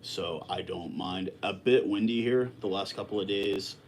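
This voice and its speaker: A man with a low voice chats casually on a livestream, rambling along with plenty of fillers and restarts. A faint hum of room noise sits behind him. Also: normal speed. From lives in Texas. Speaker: livestream host. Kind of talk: casual live chat with viewers.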